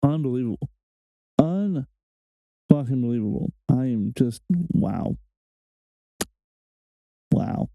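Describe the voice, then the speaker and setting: A man's voice: a little high, moderate pace, no echo, muffled recording. A man hosting a reaction video, ranting heatedly and swearing often. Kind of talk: casual reaction commentary.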